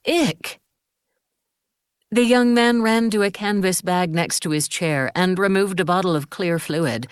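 A woman narrating an audiobook in an even storytelling manner. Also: on the low side, moderate pace, clear, resonant tone, no room sound, studio quality. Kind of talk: scripted narration.

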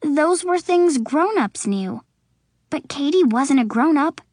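Female storybook narrator, unhurried and expressive, higher voice, dry close sound. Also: no room sound. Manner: slow, expressive reading with voices for characters. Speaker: audiobook narrator.

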